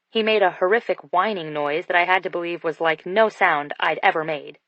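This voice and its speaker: A woman's voice: fairly low pitch, a little fast, a bit bright, no echo. A woman narrating a first-person romance audiobook in an intimate storytelling manner. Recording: dull dry studio sound.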